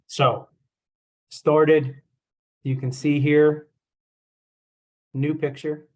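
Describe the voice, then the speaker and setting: A man's voice: a little high, a little slow, pauses often. A young man, a chiropractor, giving a casual talk and telling a self-deprecating story with lots of fillers. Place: presentation with slides.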